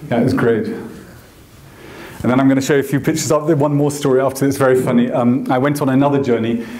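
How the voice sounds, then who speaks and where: A man's voice: mid-range voice, quick pace. Roomy-sounding male storyteller on stage. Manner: anecdotal, animated, with acted quotes. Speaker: photographer and guest speaker. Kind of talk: storytelling lecture. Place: lecture hall.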